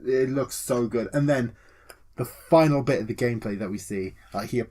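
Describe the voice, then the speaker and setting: A man co-hosting a casual gaming podcast, excitable and swearing freely, acting out scenes with yelps and laughter. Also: medium pitch, moderate pace. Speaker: podcast co-host.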